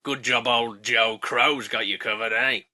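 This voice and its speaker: A man doing a gruff dodgy English crow. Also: mid-range voice, steady tone, unhurried, pushed and bright, pitched below the performer's own voice. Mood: shifty. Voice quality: gruff, streetwise "mate" patter. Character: shady wheeler-dealer male crows.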